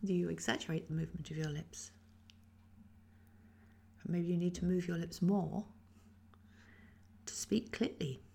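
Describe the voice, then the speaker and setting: A woman who is a voice teacher, calmly guiding a voice exercise and demonstrating the sounds herself. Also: fairly low pitch, unhurried, vocal fry, pauses often, husky. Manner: calm, instructive, demonstrates sounds. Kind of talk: guided voice exercise.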